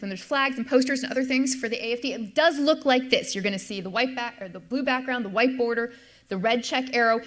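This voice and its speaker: A middle-aged woman delivers a history lecture in a slightly high voice. She explains step by step, circling back to restate her key points for emphasis. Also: fairly bright tone. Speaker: history professor giving a lecture. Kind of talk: lecture with slides.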